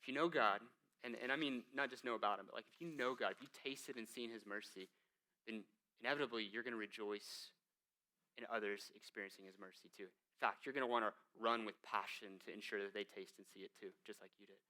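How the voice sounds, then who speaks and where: Bright-voiced male pastor preaching. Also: lowish voice, fairly even intonation, fast. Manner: conversational, rhetorical questions, emphatic. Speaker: lead pastor. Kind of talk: sermon.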